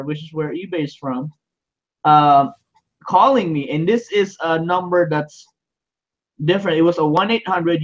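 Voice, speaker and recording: A man in casual livestream talk, telling a story animatedly and acting out both sides of a phone call. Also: high-pitched. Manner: animated storytelling with quoted voices.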